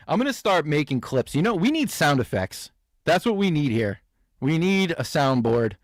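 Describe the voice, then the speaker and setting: Brief: male reaction host, sarcastic riffing, slightly high voice, dry close mic. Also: very animated, moderate pace, dry recording. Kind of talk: comedic reaction commentary.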